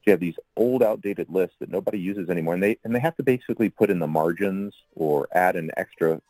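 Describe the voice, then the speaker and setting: A man's voice: deep voice, fast talker, mellow, no room sound, low-quality recording. A man explaining church canon history in a casual talk, rambling with many fillers and asides.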